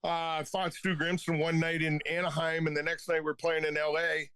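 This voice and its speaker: Profane retired hockey enforcer. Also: male voice, on the high side, little pitch movement, normal speed, sharp tone, clear, resonant tone, no echo. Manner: profane, laughing anecdotes. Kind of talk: casual storytelling.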